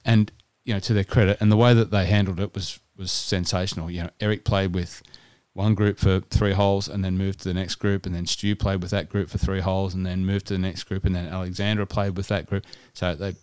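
A man's voice: deep voice, flat delivery, brisk, hardly any pauses, a little mellow, clear, resonant tone, dry recording. An Australian man co-hosting a podcast, telling stories in casual chat with frequent restarts. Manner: chatty storytelling with restarts. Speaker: podcast co-host.

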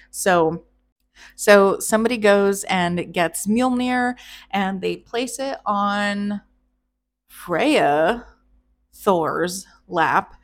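A woman's voice: medium pitch, animated, drawn-out words. A woman hosting a casual, irreverent myth retelling, chatty and joking, with swearing and laughter. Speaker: storyteller host.

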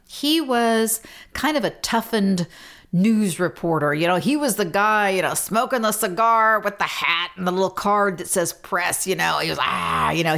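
A middle-aged woman hosting a podcast, telling a story in a casual, animated, self-deprecating way with frequent laughs. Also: mid-range voice. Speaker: podcast host.

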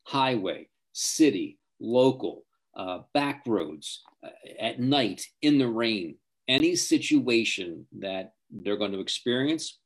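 A middle-aged man, a driving coach, giving emphatic advice as an interview guest. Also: on the low side. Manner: emphatic, acts out quoted parents and teens.

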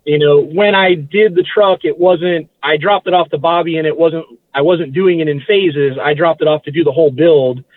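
Speaking in a slightly high, steady voice, this man talks at a moderate pace with hardly any pauses. He's a guest in a laid-back interview, wandering through memories and correcting himself, and the audio is a dry, tinny phone-like line with no echo.

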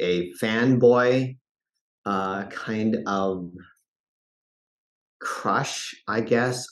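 Low, slow-talking man from Colorado with a groggy morning voice; halting, reflective interview guest. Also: a bit bright. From Fort Collins, Colorado, USA. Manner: halting, many fillers and restarts. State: early morning voice, lower than usual. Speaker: guest, actor and director. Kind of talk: casual interview storytelling.

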